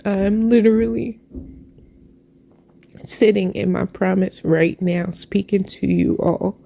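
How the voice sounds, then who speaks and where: Slow, gravelly-voiced woman giving testimony. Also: mid-range voice, steady tone, mellow, slight background noise. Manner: earnest, repetitive, preacherly phrasing. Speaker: Christian sharing a personal testimony. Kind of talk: heartfelt personal testimony.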